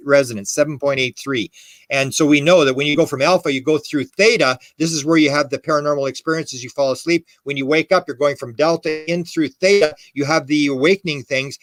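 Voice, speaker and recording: Emphatic rambling man, slightly high voice. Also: a bit bright, no room sound. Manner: emphatic, rambling with restarts and quoted dialogue. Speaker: podcast guest, UFO historian. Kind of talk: animated conversational storytelling.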